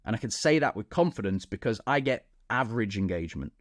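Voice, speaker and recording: A young man speaks in a low, casual voice, teaching other coaches as if across a table. He keeps tagging his points with "right?" and "okay?". The sound is close and dry. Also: animated, quick pace, no echo.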